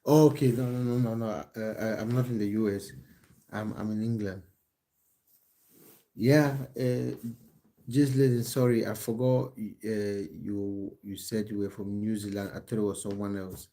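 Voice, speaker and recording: A man's voice: on the low side, fairly even intonation, a little slow, mellow. A man, a football coach, chatting casually on a live stream from his phone at home, answering viewers with many restarts and fillers. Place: at home in England.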